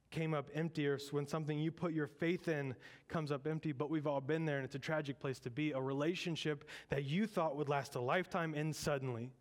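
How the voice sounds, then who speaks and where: Lively, joking male preacher. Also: a little high. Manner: lively, conversational, joking asides. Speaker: pastor. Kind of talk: sermon.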